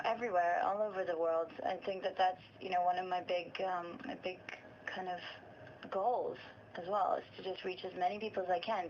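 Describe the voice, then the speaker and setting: A young woman singer chatting casually as a guest in a radio interview, talking easily with fillers and frequent laughs. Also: lowish voice. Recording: dull lo-fi sound with faint noise.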